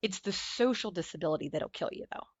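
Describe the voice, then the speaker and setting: A woman's voice: fairly low pitch, fast, breathy edge, no echo, lo-fi sound. A woman speaking as a podcast guest, telling stories animatedly and acting out the voices of other people. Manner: animated storyteller acting out quoted dialogue. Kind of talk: conversational interview.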